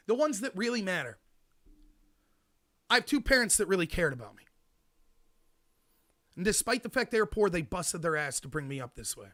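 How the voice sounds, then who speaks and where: A man hosting a political talk show, giving an opinionated monologue and speaking straight to his listeners. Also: very high-pitched. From United States. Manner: animated, opinionated, addresses listeners directly. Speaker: host.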